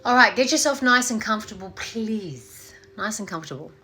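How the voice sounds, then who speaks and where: A woman's voice: mid-range voice, expressive, normal speed, sharp tone, slight background noise. A woman meditation teacher in a casual, playful talk, swearing freely and acting out voices before guiding a meditation.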